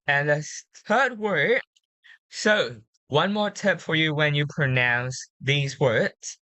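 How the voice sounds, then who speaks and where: A woman tutoring English pronunciation, patiently drilling words slowly and repeating them. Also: low-pitched, fairly bright tone, dry recording. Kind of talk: one-on-one pronunciation coaching.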